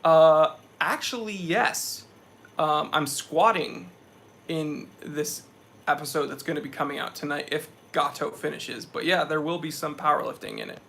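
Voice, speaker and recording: A man's voice: a little high, moderate pace, a bit bright, slight background noise. A young man hosting a casual live stream, sweaty after a hike, talking with energy as he reads out viewers' chat messages.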